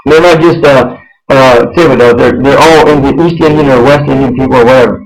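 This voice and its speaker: A man's voice: medium pitch, rough recording. Rambling man telling a story. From United States. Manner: rambling, halting, repeats and restarts phrases. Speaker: host. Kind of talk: casual personal storytelling on an internet radio show.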